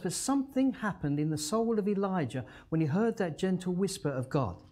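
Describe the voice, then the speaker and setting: With a mellow, warm voice, a male pastor delivers a sermon and tells the story dramatically. His pitch swings widely, and on the words he wants to land he slows almost to a hush.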